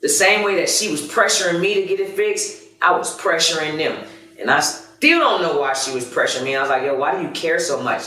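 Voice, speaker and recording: A high, bright-toned man tells a personal story as a podcast host, swearing freely and running himself down. He sits well back from the mic, and his voice bounces around a very echoey room. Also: fairly quick, distant mic. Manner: profane, animated, self-critical. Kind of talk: candid storytelling monologue.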